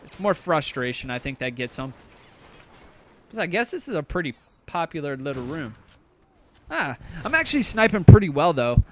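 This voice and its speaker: Casual swearing young gameplay commentator. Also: male voice, fairly high pitch, fairly bright tone. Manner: rambling, swears often, self-deprecating. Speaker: gaming YouTuber.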